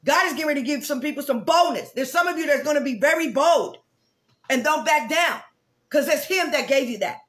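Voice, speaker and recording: High-voiced woman pastor, fervent preaching. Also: expressive, a little fast, fairly bright tone. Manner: fervent, repetitive preaching with conversational asides. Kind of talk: prayer meeting sermon.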